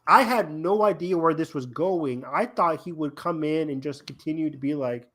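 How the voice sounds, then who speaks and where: A man co-hosting a podcast, excitedly retelling TV episode scenes in casual chat. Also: fairly high pitch, moderate pace. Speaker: podcast co-host.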